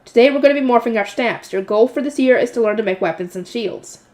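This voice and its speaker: Brief: woman reading loud, passionate male combat teacher, slightly high voice. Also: quick pace, close to an everyday voice. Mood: passionate lecture.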